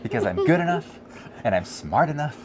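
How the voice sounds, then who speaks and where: A man co-hosting a podcast, chatting casually, reading viewer comments and telling animated stories with frequent laughter. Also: medium pitch, fairly quick, noisy background. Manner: animated storytelling, laughs often. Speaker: podcast co-host.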